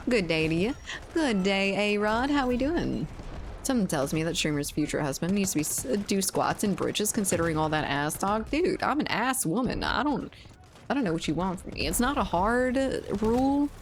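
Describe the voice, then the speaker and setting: A woman's voice: medium pitch, very animated, a little fast, a little hiss or hum. A young woman streaming a game, chatting candidly with her chat, joking and laughing often. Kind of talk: casual stream chat while gaming.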